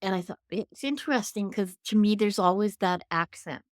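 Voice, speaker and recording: A woman's voice: medium pitch, moderate pace, dry recording, studio quality. A woman with a Canadian accent hosting an interview, effusive and thoughtful, musing aloud as she talks. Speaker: podcast host. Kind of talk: conversational interview.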